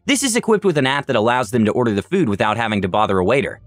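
A man reading online stories aloud as narrator, with a wry, deadpan delivery. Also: medium pitch, racing, soft background music.

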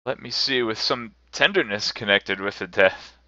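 A chastened old miser, read by a man, pleads earnestly in a low, clear voice. The recording is dry and a bit dull. It is a storybook reading. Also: moderate pace, bright, forceful tone, no echo. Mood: pleading.

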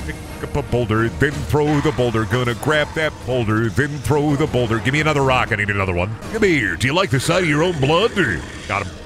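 A man streaming a video game, talking crudely and excitably and laughing often. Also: mid-range voice, fairly quick. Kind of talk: casual gameplay commentary. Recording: music playing behind the voice.

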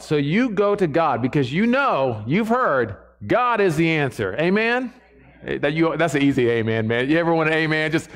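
A man's voice: a little high, big pitch swings, normal speed. A man preaching a sermon to a church congregation in a conversational way, often checking in with the listeners.

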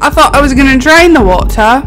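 Jumpy, chatty woman streamer, higher voice. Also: animated, fairly quick, a bit bright, soft background music. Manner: jumpy, chatty, shrieks when startled. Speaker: gaming streamer. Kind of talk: let's play commentary.

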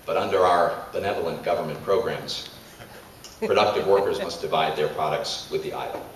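A man's voice: deep voice, a little fast, very echoey, distant mic, a little hiss or hum, pitched below the performer's own voice, close to an everyday voice, poor audio. Smug patronizing government agent, as a man plays him.

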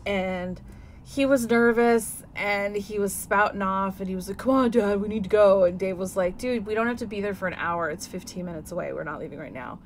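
A woman's voice: mid-range voice, fairly quick, a little hiss or hum. Swearing woman podcast co-host. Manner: profane, animated storytelling. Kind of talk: casual chat.

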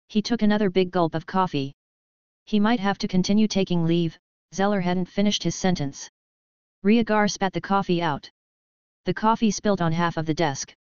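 Woman narrating in a smooth, low voice. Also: darkish tone, dry recording. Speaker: audiobook narrator. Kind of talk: scripted narration. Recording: dull lo-fi dry audio.

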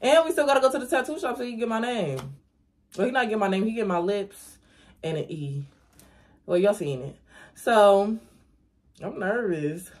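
A woman's voice: medium pitch, expressive, normal speed, long pauses, a little mellow. A young woman, chatting casually to viewers in her vlog from home, talking straight to the camera. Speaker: vlogger. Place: at home, indoors. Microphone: camera on a stand.

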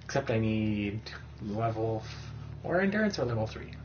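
Guy chatting thru a game, reading the menus out loud, muffled cheap mic w/ a bit of hiss. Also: lowish voice, big pitch swings, normal speed. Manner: chatty, reads game menus aloud, self-mocking. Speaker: gamer playing with a friend. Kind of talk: casual let's-play commentary.

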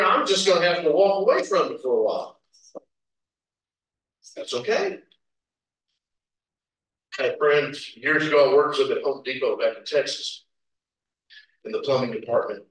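Man, pastor, lively pitch, preaching, echoey room, mic at a distance. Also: normal speed, long pauses. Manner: animated storytelling with laughs and acted quotes. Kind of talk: sermon. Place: church sanctuary. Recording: roomy echo, from a distance.

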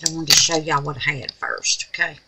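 A woman's voice: low voice, big pitch swings, a little fast, creaky, heavy background noise. A woman with a Southern US accent hosting a resin craft tutorial at home, folksy and chatty, calling viewers babies and honey as she works. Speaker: resin craft channel host.

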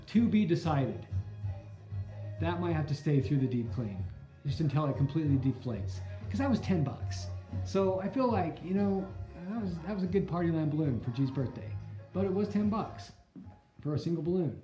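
A woman in her thirties with a low, mellow voice vlogs casually at home, chatty and upbeat as she talks straight to her viewers. The room rings with echo and faint music plays behind her. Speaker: family vlogger. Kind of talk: casual home vlog to camera. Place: family home indoors.

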